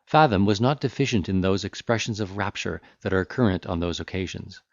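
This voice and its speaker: A man narrating a classic novel in a measured, formal storytelling manner. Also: low voice, vocal fry, no room sound, lo-fi sound. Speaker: audiobook narrator.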